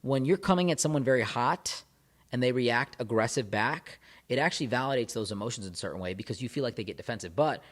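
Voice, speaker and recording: A man's voice: medium pitch, animated, fast. A man giving relationship advice to camera as a coach, speaking emphatically, repeating phrases and building intensity. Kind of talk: direct-to-camera advice talk.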